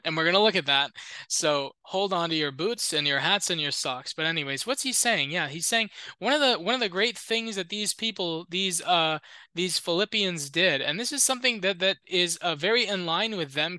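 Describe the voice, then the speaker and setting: A man with a high-sitting, bright, forceful voice speaks at normal speed in a dry recording. He teaches as a Lutheran, reading an ancient Christian letter aloud and commenting on it informally and discursively, with joking asides.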